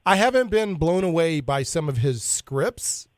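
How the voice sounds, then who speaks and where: A man's voice: a little high, sing-song, no room sound, studio quality. A man hosting a casual geek talk radio show, joking around with puns and laughing at his own jokes. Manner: jokey, punning, quick to laugh.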